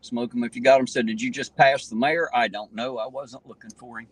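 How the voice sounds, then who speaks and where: A man's voice: medium pitch, fairly even intonation, a little fast, breathy edge, no echo, poor audio. Blunt, folksy man. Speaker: livestream host. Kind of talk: casual chat on a live stream. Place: inside a car.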